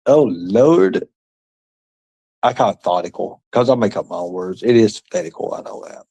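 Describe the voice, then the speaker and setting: A man hosting a livestream rambles through chat comments, taunting viewers, swearing and muttering asides. His voice is fairly low, creaky and warm, very animated, at normal speed.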